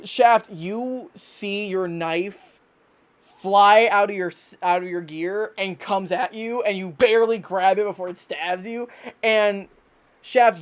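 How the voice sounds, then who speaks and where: Young woman running a tabletop game, rambly and casual, mid-pitched. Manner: quick, casual, rambling, profane. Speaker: game master.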